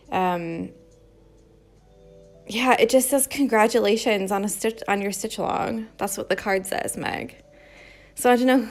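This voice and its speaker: A woman's voice: medium pitch, creaky. A woman hosting a casual embroidery live stream, chatting on and rambling with frequent laughter. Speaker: embroidery livestream host.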